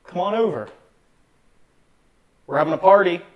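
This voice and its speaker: A man on a ghost hunt, talking in an alert hush and calling out to spirits. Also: high-pitched, animated, moderate pace, highs cut off. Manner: hushed and alert, calls out to spirits. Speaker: guest paranormal investigator. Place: dark old building indoors.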